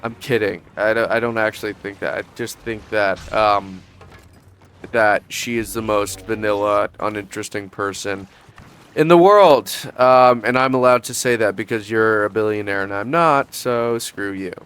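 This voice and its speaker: A man's voice: lowish voice, normal speed, a bit bright, clean tone. A young man in a casual commentary vlog, sarcastic and profane, mocking as he talks. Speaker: YouTube commentator.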